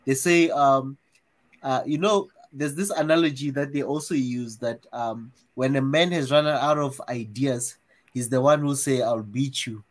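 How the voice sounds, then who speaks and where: A man from South Africa on a podcast panel, explaining things slowly and at length with many fillers. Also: mid-range voice. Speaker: podcast host. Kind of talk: casual panel chat.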